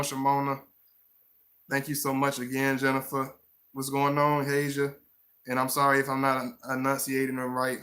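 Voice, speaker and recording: A man's voice: mid-range voice, a bit bright. A man hosting a casual live stream who rambles, restarts his words often, and greets viewers in the chat by name.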